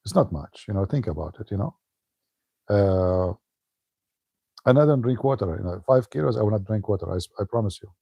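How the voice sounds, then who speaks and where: Gravelly-voiced joking male streamer. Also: fairly low pitch, lively intonation, brisk, pauses often, no echo, dull audio. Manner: joking, chatty, laughs often. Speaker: online commentator. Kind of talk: casual livestream chat.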